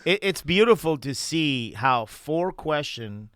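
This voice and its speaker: A man with a bright, fairly high, smooth voice preaches bluntly to other men. He swears heavily and drives his points home with repetition, recorded dry and close. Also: expressive, slow pace, no echo. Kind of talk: forceful motivational talk.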